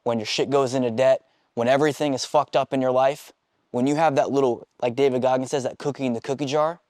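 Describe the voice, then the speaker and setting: A man's voice: mid-range voice, darkish tone, dry recording, studio quality. Blunt, swearing male sales trainer. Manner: blunt, swears constantly, acts out quoted dialogue. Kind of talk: profane motivational team talk. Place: meeting room with a small group.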